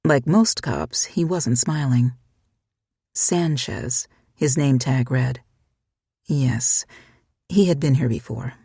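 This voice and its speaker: A husky-voiced narrator reading a story aloud in a steady, measured way. The sound is dry and close, with no room around it. The pitch sits in the middle range. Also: no echo. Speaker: audiobook narrator. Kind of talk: scripted narration.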